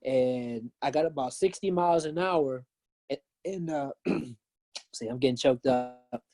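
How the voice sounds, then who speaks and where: Mellow-voiced man telling a story. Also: mid-range voice, unhurried. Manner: earnest, animated when retelling. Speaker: pastor and author guest. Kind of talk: casual storytelling.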